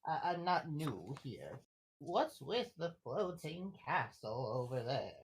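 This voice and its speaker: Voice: mid-range voice, big pitch swings, unhurried, a little hiss or hum. A player voicing a polite older woman traveler who speaks hesitantly and apologetically.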